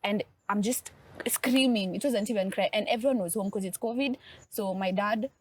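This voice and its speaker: A woman's voice: mid-range voice, moderate pace, husky. A woman on a podcast, telling a personal story in an earnest, emotional way. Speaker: podcast co-host. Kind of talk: podcast conversation.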